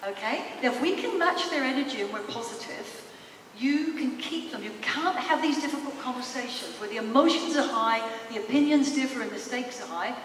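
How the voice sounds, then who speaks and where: A woman psychologist giving a lively, engaging talk in a large expo hall, asking the audience questions, heard from a distant mic with a roomy echo. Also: sits high, brisk. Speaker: psychologist and speaker. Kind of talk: public presentation. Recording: echoey hall, distant mic, faint noise.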